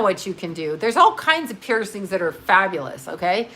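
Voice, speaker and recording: A woman's voice: medium pitch, animated, normal speed, hardly any pauses, fairly bright tone, a little hiss or hum. A woman in her fifties hosting a casual livestream, chatting bluntly and with plenty of profanity while she does her nails. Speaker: livestream host. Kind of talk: casual rambling livestream chat.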